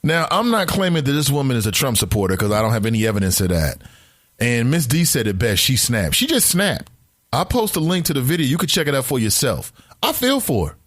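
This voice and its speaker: A man hosting a casual talk radio show, speaking in an animated, emphatic, conversational way. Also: medium pitch, fast, no echo, studio quality.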